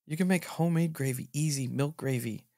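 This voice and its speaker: A man hosting a podcast in casual chat, teasing and incredulous, with lots of animated reactions. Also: fairly high pitch, brisk, no room sound, clean studio sound. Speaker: podcast host.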